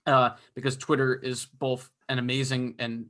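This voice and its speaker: A young man with a bright, forward voice talks hockey with a friend on a podcast. His thoughts wander and restart, padded with "um" and "like", in easy, casual chat. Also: medium pitch, level tone, moderate pace. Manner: rambling, filler-heavy analysis. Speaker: podcast co-host.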